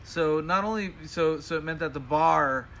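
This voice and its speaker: A man's voice: on the high side, normal speed, fairly bright tone, slight background noise. A man who is a studio musician and producer, talking in a laid-back, rambling way in a casual interview.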